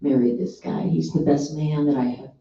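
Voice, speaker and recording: A woman's voice: low voice, fairly even intonation, normal speed, vocal fry, mellow. A woman guest sharing a heartfelt, earnest story on a radio show. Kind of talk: casual faith-based chat. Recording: echoey room, distant dull mic.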